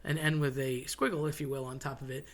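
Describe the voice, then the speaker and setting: A man's voice: mid-range voice, little pitch movement, fast talker, fairly bright tone. A man hosting a casual monologue, chatty and digressive, with wry asides. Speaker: host.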